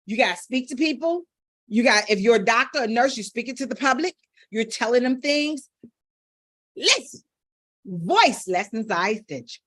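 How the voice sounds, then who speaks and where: A middle-aged woman vocal coach with a lively voice that swings high and low. She speaks slowly and with emphasis, and her voice sounds slightly raised in pitch. The recording is dry and close. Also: no room sound. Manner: emphatic, animated, demonstrative. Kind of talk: energetic teaching talk.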